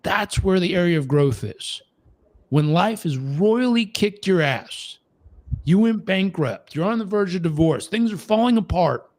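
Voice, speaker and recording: A man's voice: high voice, animated, measured pace, darkish tone, no room sound. A man giving a motivational talk as a performance coach, emphatic and full of rhetorical questions.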